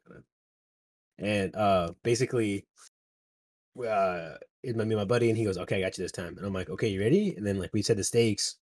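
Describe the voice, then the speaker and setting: A young man chatting casually with friends, telling animated stories, laughing and swearing freely. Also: fairly low pitch, brisk, no echo, studio quality.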